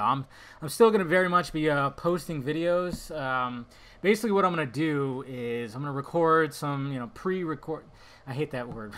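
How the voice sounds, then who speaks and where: A man's voice: medium pitch, fairly bright tone. A young adult man hosting his own podcast, rambling casually from topic to topic with frequent tangents and swearing. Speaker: podcast host.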